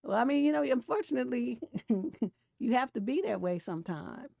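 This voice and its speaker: A woman's voice: on the high side, expressive, moderate pace, gravelly, dry recording, studio quality. Blunt, profane middle-aged woman host. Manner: blunt and profane, swings from mellow to heated; laughs between points. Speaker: relationship coach hosting a livestream. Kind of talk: casual livestream advice talk.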